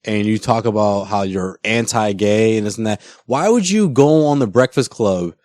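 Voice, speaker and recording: Low-voiced laid-back podcast man. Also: expressive, normal speed, darkish tone, no echo. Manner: laid-back storytelling, slangy. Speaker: podcast co-host. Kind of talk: casual chat.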